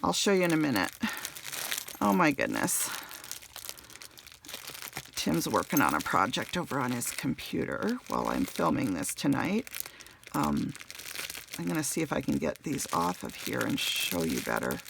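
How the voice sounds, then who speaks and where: Gushing low-voiced woman, gravelly tone. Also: wildly swooping pitch, moderate pace, pauses often, background noise. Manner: gushing, warm thank-yous, many fillers. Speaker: crafting channel host. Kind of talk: casual unboxing chat.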